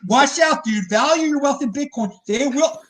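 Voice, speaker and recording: A man hosting a casual podcast, joking excitably and stumbling over his words. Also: extremely high pitch, normal speed. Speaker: host.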